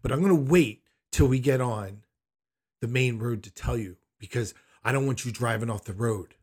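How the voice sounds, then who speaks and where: A man's voice: mid-range voice, moderate pace, darkish tone, slightly rough, lightly acted. A man voicing his anxious, tearful mother as he quotes her with urgent insistence.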